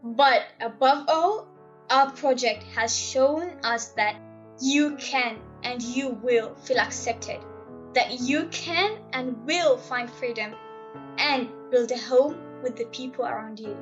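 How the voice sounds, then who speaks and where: A young woman with a fairly high voice reads a first-person story in a heartfelt, hopeful tone. The recording sounds a little dull and lo-fi, and faint music plays underneath. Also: slow pace. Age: young adult. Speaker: story reader. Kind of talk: scripted narration.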